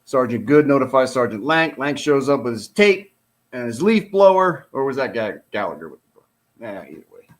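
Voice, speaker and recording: A man's voice: mid-range voice, big pitch swings, brisk. A middle-aged man, a retired police officer, gives casual commentary on a released document. He talks in an exasperated, sarcastic, rambling way.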